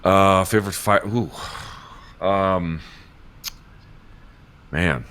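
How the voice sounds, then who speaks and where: A man in his forties, an interview guest, talking casually on a video call in a rambling, halting way, swearing often. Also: deep voice, fairly bright tone. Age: 40s. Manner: rambling, halting, emotional and profane. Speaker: interview guest, MMA journalist.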